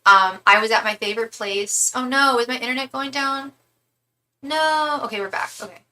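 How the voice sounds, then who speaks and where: A woman's voice: a little high, normal speed, sharp tone, a little hiss or hum, low-quality recording. A woman who is a tarot reader, chatting casually and at length during a live-stream reading, with some swearing.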